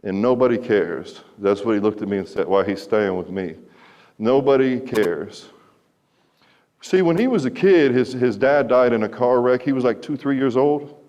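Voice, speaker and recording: A man's voice: mid-range voice, expressive, moderate pace, darkish tone, muffled recording. A man in his thirties telling a wry, conversational story to a school audience and asking them questions. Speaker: recovery speaker. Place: large school hall. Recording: hall reverb.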